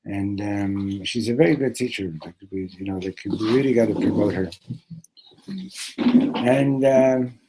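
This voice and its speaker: A man teaching a Torah class, telling a story and acting out the characters with sudden loud shouts, mixing in Hebrew terms. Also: on the low side, a little slow, background noise. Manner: mixes in Hebrew and Yiddish terms.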